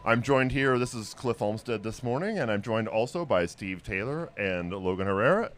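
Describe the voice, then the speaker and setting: A man hosting a live event broadcast, upbeat and chatty, his voice gravelly from just waking up. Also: lowish voice, lively intonation, moderate pace. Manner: upbeat, chatty, hands off to co-hosts. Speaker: livestream host.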